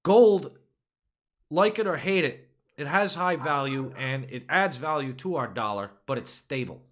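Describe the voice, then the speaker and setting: A man's voice: fairly high pitch, animated, a little slow. A man hosting a political podcast, ranting with profanity and rhetorical questions. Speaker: podcast host. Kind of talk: casual political podcast rant.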